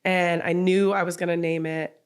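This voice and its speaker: A woman in her thirties, a podcast agency founder, telling her story as a guest in an animated, chatty way. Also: lowish voice, clear, resonant tone. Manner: animated, acts out quoted voices, fast and chatty. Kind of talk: casual storytelling chat.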